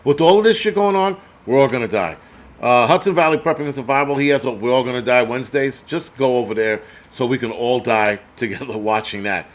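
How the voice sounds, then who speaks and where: A prepper channel host rants through crude, sarcastic live-stream commentary, reading donors' names aloud along the way. His mid-range voice moves fairly quickly.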